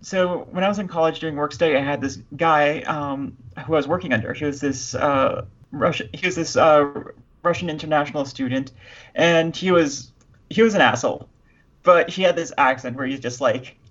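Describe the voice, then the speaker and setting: A man's voice: a little high, brisk, fairly bright tone, dull audio. A man co-hosting a podcast, telling a story in a wry, self-mocking way. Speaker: podcast co-host.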